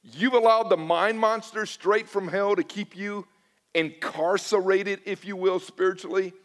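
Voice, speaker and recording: A man's voice: sits high, fairly even intonation, unhurried, a bit bright. A middle-aged man preaching a sermon as a pastor, telling stories in a conversational, self-deprecating way and acting out his own past dialogue.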